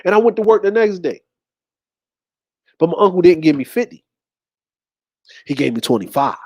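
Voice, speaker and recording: A man in his forties in an animated, conversational retelling of a story from his youth. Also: sits high, normal speed, no echo. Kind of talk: personal storytelling.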